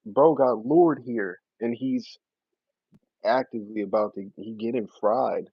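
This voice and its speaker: A man's voice: mid-range voice, animated, unhurried, gravelly, breathy edge, dry recording. Laid-back slangy young man streaming. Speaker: streamer talking to his live chat. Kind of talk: casual live-stream chat. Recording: dry, slightly dull lo-fi audio.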